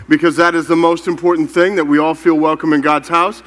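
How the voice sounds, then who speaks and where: A man giving the welcome at a church service, speaking slowly and deliberately. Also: fairly high pitch. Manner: warm, welcoming, slow and deliberate. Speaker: church greeter.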